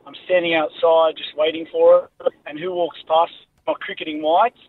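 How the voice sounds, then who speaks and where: A man's voice: a little high, little pitch movement, moderate pace, no echo. An Australian man calling in to a radio show over the phone, telling a story earnestly with hesitations. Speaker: caller. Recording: phone line.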